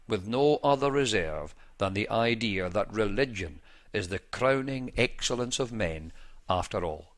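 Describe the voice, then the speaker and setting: A man reading a 19th-century pastor's first-person account aloud in a measured, formal, old-fashioned manner. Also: on the low side, a bit bright. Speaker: reader.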